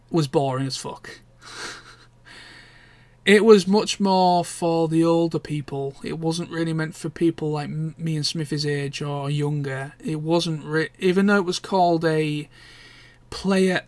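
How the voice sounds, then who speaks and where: A man's voice: on the high side, no echo. A young man, chatting casually and candidly in a rambling vlog catch-up, with the odd swear word. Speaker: vlogger. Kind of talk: casual chat.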